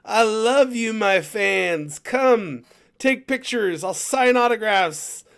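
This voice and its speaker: A man putting on a hammy, showboating male star greeting his fans in a loud, high, theatrical voice. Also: expressive, takes it slowly, vocal fry, clean tone, heavily acted.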